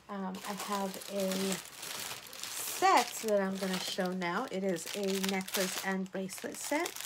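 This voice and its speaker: A woman's voice: medium pitch, heavy background noise. A woman running a casual live stream selling jewelry, chatty and upbeat, greeting viewers by name as she shows each piece. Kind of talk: casual live sales chat.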